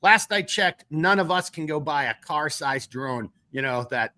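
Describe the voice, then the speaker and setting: A man's voice: a little high, animated, unhurried, bright, forceful tone. A man with a Minnesotan accent hosting a casual political podcast, rambling with many restarts and casual swearing. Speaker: podcast host.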